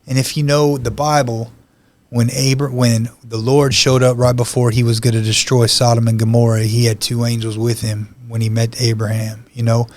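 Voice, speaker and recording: A man at a middling pitch tells his personal testimony as a podcast guest, earnest and heartfelt. He speaks conversationally, with frequent "you know" asides. His delivery is plain and unhurried. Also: flat delivery, darkish tone. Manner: emotional, heartfelt retelling.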